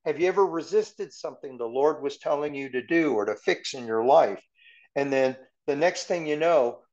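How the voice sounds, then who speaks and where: A man's voice: on the high side, darkish tone, lo-fi sound. A man giving verse-by-verse Bible teaching in a conversational way, asking his class rhetorical questions.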